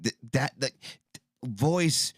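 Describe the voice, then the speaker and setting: A man co-hosting a casual podcast chat, often pausing to search for words. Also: mid-range voice, lively intonation, husky, no room sound. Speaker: podcast co-host.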